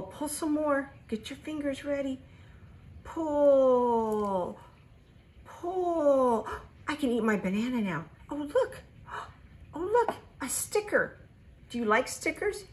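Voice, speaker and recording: A middle-aged woman teaching a lesson for toddlers in a sing-song voice, with animated, exaggerated gasps of delight. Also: on the high side, slight background noise. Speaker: children's teacher.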